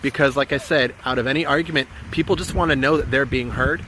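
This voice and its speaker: A man's voice: mid-range voice, fast talker, background noise. A man giving an earnest, encouraging coaching talk on relationships, repeating his key points as he goes. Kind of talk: motivational coaching talk to camera.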